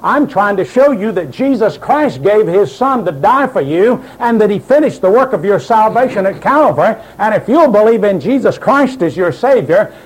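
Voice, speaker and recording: A man's voice: high-pitched, expressive, normal speed, hardly any pauses, husky, low-quality recording. A man preaching a sermon, insistent and emphatic, quoting doubters in mocking voices.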